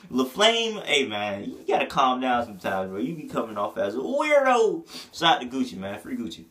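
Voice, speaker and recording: Animated, bright-voiced man reviewing an album. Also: medium pitch, fairly quick, hardly any pauses. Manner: profane, slangy, singing bits of lyrics. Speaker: music reviewer. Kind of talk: casual album review vlog.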